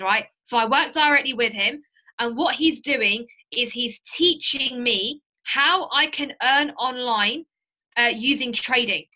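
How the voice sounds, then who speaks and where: Over a video call, a woman runs a live sales training session with role-play. Her high, bright voice is forceful and emphatic, and she speaks a little slowly. She repeats key lines to drive them home.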